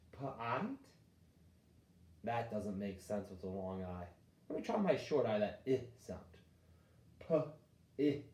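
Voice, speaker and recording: A man teaching a phonics lesson to young children, slowly sounding out words and reacting with excited exclamations. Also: medium pitch, reverberant.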